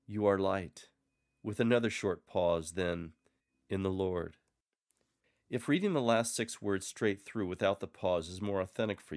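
A man giving calm, measured coaching on how to read scripture aloud in church. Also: on the low side. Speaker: lector coach. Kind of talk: scripted instructional narration.

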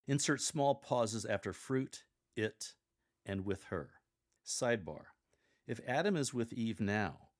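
A man hosting a podcast that coaches lectors, giving deliberate, emphatic reading tips with light humor. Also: mid-range voice. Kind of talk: instructional podcast on scripture reading.

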